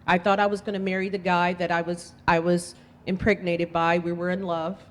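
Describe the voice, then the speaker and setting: A woman's voice: on the low side, level tone, a little fast. A woman political candidate giving an impassioned, emphatic campaign speech, telling her story. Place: event hall. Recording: long hall reverb.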